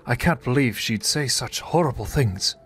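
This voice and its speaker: A man voicing a soft-spoken apologetic groom. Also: mid-range voice, animated, moderate pace, husky. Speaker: groom in a texting story.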